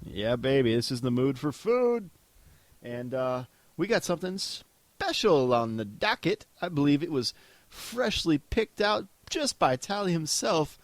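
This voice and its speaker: A man's voice: a little high, sing-song, a little slow, no echo. A man co-hosting a casual podcast on a headset mic, joking around and acting out the voices in his stories. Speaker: podcast co-host.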